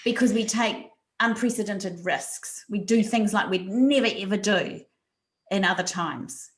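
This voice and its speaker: A woman's voice: mid-range voice, a little slow, roomy sound. A woman presenting a resilience webinar over a video call, talking animatedly and repeating words for emphasis. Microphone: video call mic.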